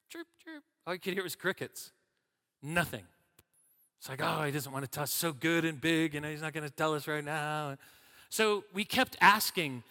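Animated preacher in a reverberant hall. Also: male voice, on the high side. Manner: animated storytelling with acted-out quotes. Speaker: pastor. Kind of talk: sermon. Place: church sanctuary. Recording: long reverb of a church hall.

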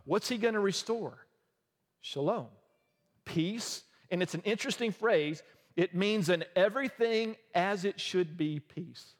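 A man preaching a sermon in a casual, joking, conversational way, with quick asides to the congregation. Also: high voice, in a large hall. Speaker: pastor.

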